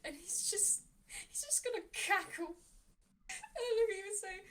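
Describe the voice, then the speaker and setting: A woman's voice: very high voice, lively intonation, measured pace, long pauses, a bit bright, slight background noise. A woman playing a tabletop game, animatedly describing her character's actions and laughing often. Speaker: player.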